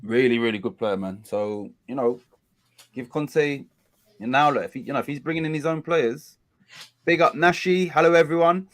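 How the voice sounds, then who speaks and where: An English man with a mid-range voice hosts a casual football watch-along stream at normal speed. He rambles loosely, often correcting himself, and keeps the conversation going with viewers.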